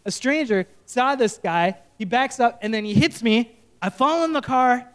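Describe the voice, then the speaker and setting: A male pastor preaching and telling a story, animated and often correcting himself. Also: extremely high pitch, moderate pace, clear, resonant tone. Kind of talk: sermon storytelling.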